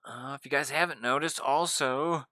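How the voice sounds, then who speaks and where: A young man giving casual gameplay commentary, gushing excitedly and talking straight to his viewers. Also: medium pitch, normal speed, dry recording, studio quality. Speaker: gaming YouTuber.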